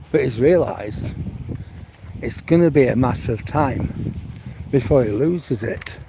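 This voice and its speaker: A man's voice: mid-range voice, background noise. A man, chatting casually on a live stream while walking outdoors along the coast. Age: 70s. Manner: unhurried rambling chat, answers viewers' comments.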